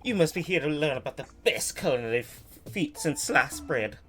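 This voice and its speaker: A woman's voice: deep voice, lively intonation, a little fast, a bit bright, soft background music. A woman voicing a theatrical chef mole in a video game with a shaky fake French accent that drifts to Australian. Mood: grand.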